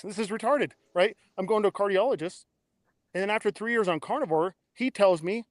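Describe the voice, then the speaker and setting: A man in his thirties, appearing as a guest on a podcast, tells his story in a blunt, excitable way and swears a lot. His voice runs slightly high for a man, and he talks briskly. The recording is close and dry, with no room sound at all.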